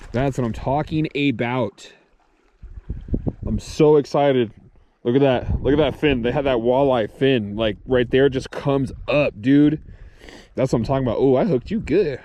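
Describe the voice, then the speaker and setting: A man vlogging his solo fishing trip outdoors, talking excitedly to the camera and the fish he catches, swearing casually as he films himself. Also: medium pitch, a little slow, pauses often, slight background noise. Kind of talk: excited outdoor vlog commentary. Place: outdoors on a reservoir shore.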